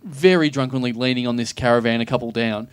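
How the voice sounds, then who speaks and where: A man's voice: mid-range voice, fast talker, smooth, no room sound. A man co-hosting a live comedy podcast in a pub, telling a story with lots of swearing and acted-out voices. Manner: animated storytelling, swearing, acting out others. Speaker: podcast co-host.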